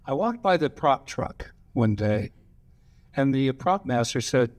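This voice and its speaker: A man's voice: medium pitch, sing-song, a little slow, darkish tone. Older man telling rambling stories. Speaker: guest actor at a screening Q&A. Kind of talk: rambling anecdotal storytelling. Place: cinema stage before a live audience.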